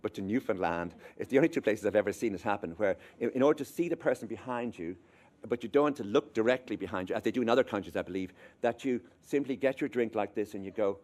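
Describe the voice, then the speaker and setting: A man with an Irish accent giving a public lecture as an author, telling wry, halting stories. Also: lowish voice, a little mellow. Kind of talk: anecdotal lecture.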